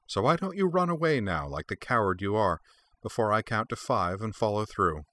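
A man's voice: lowish voice, big pitch swings, moderate pace, fairly bright tone, voice pushed up. A man reading aloud voices a fierce, bitter young woman with blades, speaking in a raised, taunting voice.

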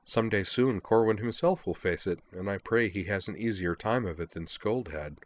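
Man reading a gentle, firm goddess. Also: on the low side, moderate pace, slight background noise, natural voice. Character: calm, kind, powerful goddess woman.

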